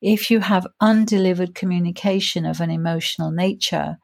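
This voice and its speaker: A woman in her sixties, a grief coach telling her own story in an interview, reflective and earnest, slowing down to stress key points. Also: on the low side, steady tone, creaky, darkish tone. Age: 60s. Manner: reflective, earnest, slows down for emphasis.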